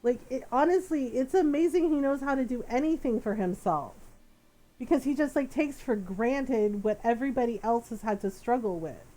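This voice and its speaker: A woman streaming a video game, talking casually and with animation. Her voice sits high, and she chatters freely. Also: lively intonation, moderate pace, dark tone, rough recording. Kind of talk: casual gameplay commentary.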